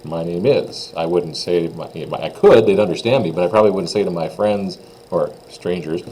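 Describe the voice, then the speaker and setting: In a recorded classroom lesson, a Minnesota man teaches beginner French, patiently and plainly explaining phrases and raising his voice to model pronunciations. His voice sits low and mellow at a moderate pace, and the poor audio carries a little hiss or hum.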